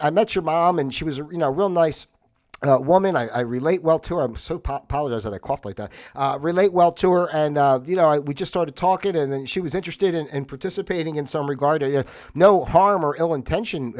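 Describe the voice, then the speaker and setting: Rambling male livestream host. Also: on the high side. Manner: rambling, filler-heavy, apologetic. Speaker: host of a livestream talk show. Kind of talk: casual solo livestream chat.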